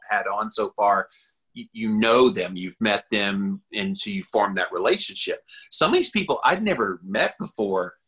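A man with a Southern accent, a podcast guest chatting casually and telling lively stories. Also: breathy edge, low-quality recording. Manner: animated storyteller, jumps up in pitch for quoted voices.

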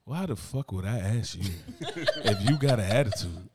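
A man's voice: fairly low pitch, moderate pace, slight background noise. A man in casual chat, telling stories with lots of swearing and acting out the voices of people he quotes. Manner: profane, animated storytelling, acts out quoted voices.

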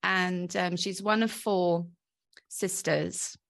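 Slow and creaky, her low-leaning voice has a steady, fairly bright tone. The speaker is a woman in her forties from South Wales with a mixed Welsh and Australian accent, reflectively recounting her life in a casual interview and saying um often.

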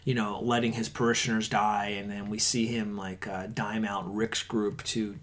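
A man's voice: lowish voice, moderate pace. A man, co-hosting a podcast, chatting casually and animatedly acting out the dialogue of the stories he tells. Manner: animated storyteller, acts out quoted dialogue. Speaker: podcast co-host. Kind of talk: casual chat.

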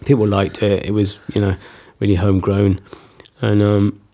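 A man's voice: on the low side, completely flat delivery, normal speed, warm tone. A man, chatting casually and telling rambling stories with frequent laughs. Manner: rambling storyteller, laughs often. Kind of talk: casual conversation.

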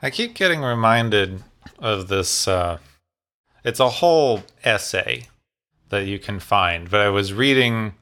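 A man with a low, bright, forceful voice argues his points in a relaxed chat. He sounds emphatic and opinionated and tosses off blunt asides. The delivery is loose and conversational. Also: a little slow. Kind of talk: casual discussion.

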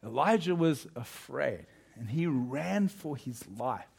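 A male pastor preaching a sermon, telling a story in a lively way and asking his listeners questions. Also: mid-range voice, takes it slowly, gravelly, slightly rough.

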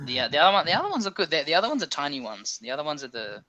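Lively, bright-voiced man. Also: fairly high pitch, racing, dull audio. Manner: excitable, laughs a lot, stumbles on words. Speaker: co-host. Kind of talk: casual chat.

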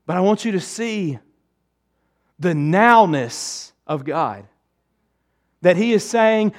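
High-voiced man preaching emphatically. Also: normal speed. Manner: emphatic preaching, swinging from loud to hushed. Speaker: pastor. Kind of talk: sermon.

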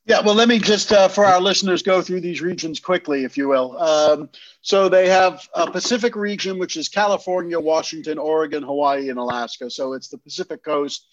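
A man's voice: fairly high pitch, a little fast, dry recording, dull audio. A man from New England co-hosting a podcast, talking things through in a thoughtful, hedging way with frequent restarts. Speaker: podcast co-host. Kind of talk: casual discussion.

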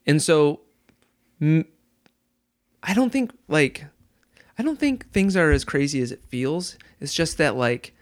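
A man's voice: mid-range voice, no room sound, clean studio sound. A man in casual conversation about comedy, rambling and leaning on "like" and "you know".

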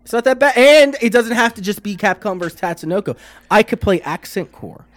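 A man's voice: high-pitched, lively intonation, brisk. A man in a casual podcast chat, talking in a sheepish, teasing way. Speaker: podcast co-host.

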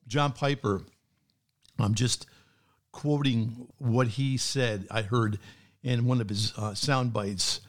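Earnest pastor, measured and steady. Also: male voice, medium pitch. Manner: earnest, measured, reads from his notes. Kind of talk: casual chat.

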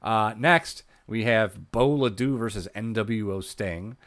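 A man's voice: on the low side, slow pace, fairly bright tone, dry recording, studio quality. A man co-hosting a podcast, casually recapping old wrestling shows, laid-back and swearing, laughing often. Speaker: podcast co-host.

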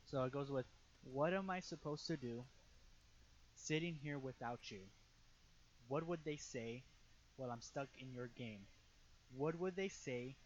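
A man in a casual songwriting session, reading out draft lyrics with halting restarts. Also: mid-range voice, highs cut off, slight background noise.

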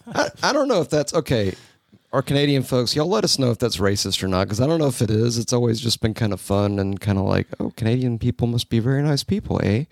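A man hosts a podcast in loose, jokey chat, rambling and laughing between lines. His voice is gravelly at mid pitch. The sound is dry and close, with no room echo. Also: expressive, fairly quick. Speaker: podcast co-host. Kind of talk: casual chat, reading a listener message.

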